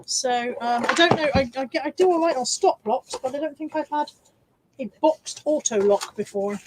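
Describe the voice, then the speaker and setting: A woman's voice: high voice, slight background noise. Chatty woman on a live stream. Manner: chatty, self-mocking, quick asides to viewers. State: hiccuping. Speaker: live stream host reselling car boot finds. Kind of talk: casual live stream chat reading viewer comments.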